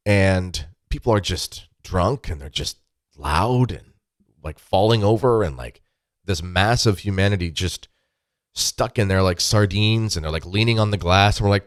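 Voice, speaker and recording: A man with a very deep voice hosts a casual talk show from his desk at home. He rambles through animated anecdotes, filling them with asides and "like." The sound is dry and close, with no room echo. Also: normal speed. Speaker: podcast host. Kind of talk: casual storytelling chat. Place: home desk with weightlifting equipment behind.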